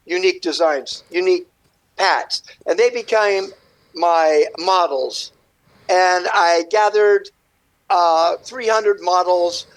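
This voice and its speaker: A man with a notably high speaking voice, talking as a guest on a radio interview. He rambles through his story with animated energy, switching into little acted-out voices for the people in it. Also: low-quality recording. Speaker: guest artist.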